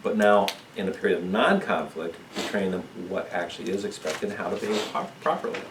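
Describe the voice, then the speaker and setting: A man leading a church parenting seminar, explaining calmly and checking in with his listeners. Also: low-pitched, brisk, background noise. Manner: calm, explanatory, asks "okay?" often. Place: church room. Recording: echoey room, mic far off.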